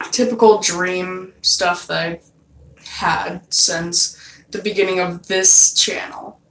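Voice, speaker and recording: Young woman rambling through a dream story, slow and cussing, sounds echoey and far from the mic. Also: medium pitch, a bit bright. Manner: loose and profane, many fillers. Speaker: vlogger. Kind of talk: casual storytelling. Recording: roomy, from a distance off mic.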